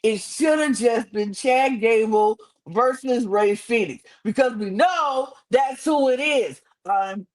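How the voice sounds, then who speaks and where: A woman's voice: on the high side, slow pace, few pauses, a little mellow, low-quality recording. A woman co-hosting a podcast, ranting emphatically and indignantly in casual chat, repeating phrases for effect. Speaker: podcast co-host. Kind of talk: heated casual recap rant.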